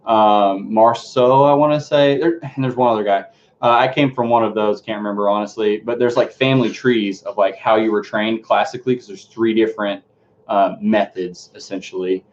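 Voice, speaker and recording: A man's voice: medium pitch, darkish tone, slight background noise. Rambling, swearing man on a stream. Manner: rambling and profane, answers chat questions. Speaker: streamer unboxing his music books. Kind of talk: casual live-stream chat. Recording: dull lo-fi stream audio.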